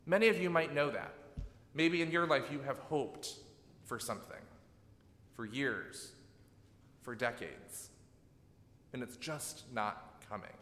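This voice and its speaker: Bright-voiced preacher in an echoey hall. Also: male voice, mid-range voice, slow pace, pauses often. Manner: reflective, gently emphatic preaching with rhetorical "right?". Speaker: pastor. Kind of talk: sermon.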